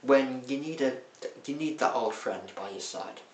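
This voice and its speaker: A man's voice: medium pitch, unhurried, slight background noise. A man casually reviewing films with wry, self-mocking asides, recorded in an echoey room. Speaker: film reviewer. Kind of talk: casual monthly film roundup.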